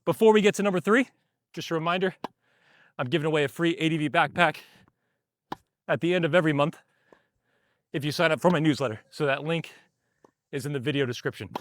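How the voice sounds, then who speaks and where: A man's voice: a little high, fast talker, long pauses, dry recording, clean studio sound. A man teaching tennis while he rallies on a court, a bit out of breath, explaining in short bursts between shots. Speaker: tennis coach.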